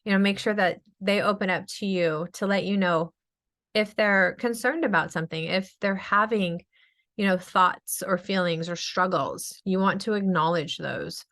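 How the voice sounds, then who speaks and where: Fast-talking, chatty woman speech therapist. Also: medium pitch. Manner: fast, energetic, chatty with many fillers. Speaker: speech-language pathologist presenter. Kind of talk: webinar presentation.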